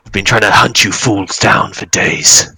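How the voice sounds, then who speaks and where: A man voicing a vengeful, scornful male dragon with a snarl, low and gravelly. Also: fairly even intonation, pushed and bright, no echo, heavily acted, poor audio. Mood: menacing. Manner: snarling, contemptuous, slow and grand.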